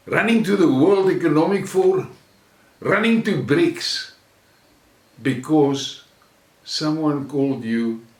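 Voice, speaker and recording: A South African man rants slowly and with lively swings in pitch, his mockery full of curses and contempt. He sounds set back from the mic in an echoey room. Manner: profane, mocking and contemptuous, swings between shouting and low sneering. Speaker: channel host. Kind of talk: angry ranting monologue. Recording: roomy echo, mic at a distance.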